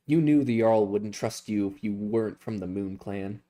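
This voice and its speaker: Guy playing an angry betrayed young barbarian, low mellow voice that jumps up. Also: normal speed, lightly acted. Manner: rising indignant outbursts.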